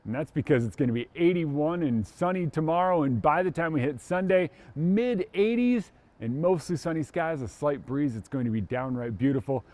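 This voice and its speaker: A man's voice: on the high side, expressive, normal speed, hardly any pauses, darkish tone. A man giving a chatty, upbeat TV weather forecast. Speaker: meteorologist.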